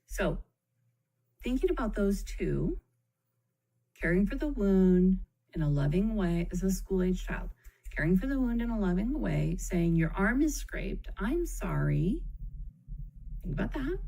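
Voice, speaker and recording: A woman's voice: medium pitch, lively intonation, normal speed, vocal fry, long pauses, poor audio. A woman teaching about parenting in a live video, talking conversationally, checking in with her listeners and speaking with empathy. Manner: conversational, checks in with frequent "okay?"; warm, empathetic phrasing, calls children "kiddo". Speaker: parenting educator. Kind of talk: live-streamed explanatory talk.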